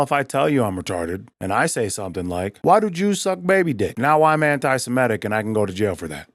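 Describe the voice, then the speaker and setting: A man's voice: lowish voice, dry recording, studio quality. A man doing a crude, provocative stand-up comedy rant, filling his lines with "like".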